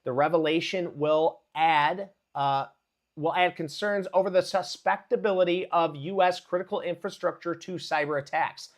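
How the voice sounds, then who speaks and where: Hyped high-voiced stock streamer. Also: male voice, moderate pace. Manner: hyped, chatty, greets viewers by name. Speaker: livestream market commentator. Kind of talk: live-streamed market news chat.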